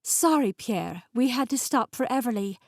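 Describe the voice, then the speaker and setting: A woman voicing a brisk, stern middle-aged aunt who speaks in a clipped, secretive way. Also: fairly high pitch, expressive, dry recording, clean studio sound, pitched above the performer's own voice.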